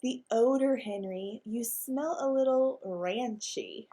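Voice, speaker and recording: A fussy, genteel mother dog, as a woman puts her on, with overly sweet and polite speech. Her voice sits somewhat high. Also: slow pace, dark tone.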